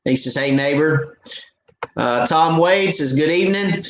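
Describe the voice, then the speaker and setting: A man's voice: fairly high pitch, a little slow. This is a middle-aged man with a drawl, hosting a live Q&A for his fishing channel. He talks in an easygoing, chatty way and drops in plenty of "uh"s. His voice bounces around an echoey room with a faint hiss behind it. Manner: laid-back, chatty, frequent "uh" fillers. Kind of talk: live stream Q&A chat.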